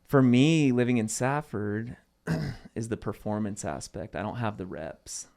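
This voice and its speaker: This young Arizonan comedian, guesting on a laid-back podcast, spins animated stories full of loose fillers. His voice sits on the low side and sounds creaky, and he speaks unhurriedly.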